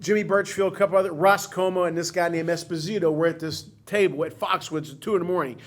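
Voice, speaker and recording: A man with a high voice hosts a casual talk show and tells long, rambling stories about an old friend. He gets emotional and laughs easily as he goes along. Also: fairly even intonation, fast. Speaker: podcast host. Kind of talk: casual storytelling chat.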